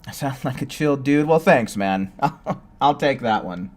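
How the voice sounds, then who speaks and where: A man's voice: mid-range voice, lively intonation, measured pace. Laid-back man streamer from California. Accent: General American. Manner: laid-back, chatty, answering chat. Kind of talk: casual live-stream chat.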